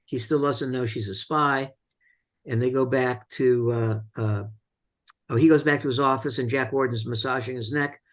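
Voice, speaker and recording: A man's voice: mid-range voice, steady tone, normal speed, fairly bright tone. Man casually retelling film scenes. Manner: retells scenes with many fillers and restarts. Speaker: film discussion host.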